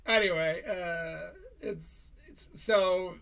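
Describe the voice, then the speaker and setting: A man's voice: high voice, steady tone, very slow, vocal fry, fairly bright tone. A man hosting a live-streamed comedy commentary show, talking casually and sarcastically with a lot of swearing and frequent laughs. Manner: profane, sarcastic, laughs often, slips into mocking voices.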